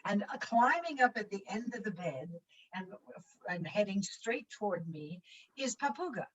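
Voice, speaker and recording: An older actress telling an anecdote as a guest in a virtual conversation, animated and acting out voices and sounds. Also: female voice, medium pitch, normal speed, breathy edge. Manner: animated storyteller who acts out voices and sounds. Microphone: video call. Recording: dull distant video call audio.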